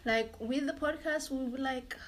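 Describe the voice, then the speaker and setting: A woman's voice: sits high, normal speed. A woman hosting a podcast, asking easygoing questions and encouraging her guest. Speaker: podcast host. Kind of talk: casual interview.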